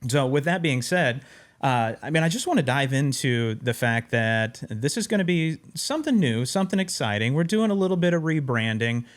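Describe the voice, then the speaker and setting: A man's voice: mid-range voice, moderate pace. Upbeat man hosting a podcast. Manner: upbeat, lively, bantering. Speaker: podcast host. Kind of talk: casual podcast chat. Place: in-person studio.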